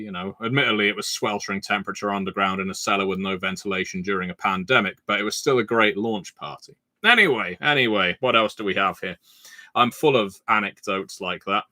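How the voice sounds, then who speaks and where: A man's voice: on the low side, a little fast, bright, forceful tone, no room sound. A man hosting a casual livestream Q&A, reading viewer comments and telling anecdotes with lots of fillers. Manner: chatty, anecdotal, frequent filler "uh". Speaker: game designer hosting a livestream Q&A.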